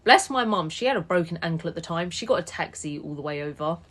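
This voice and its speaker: A woman in her late twenties telling a personal story to a phone camera, animated and indignant, with quick asides. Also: fairly low pitch. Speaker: TikTok storyteller.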